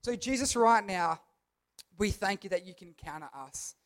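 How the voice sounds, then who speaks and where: High-voiced man preaching to a youth group. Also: lively intonation, normal speed. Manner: emphatic preaching with repeated phrases; talks to the crowd, asks them to repeat. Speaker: youth pastor. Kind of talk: sermon.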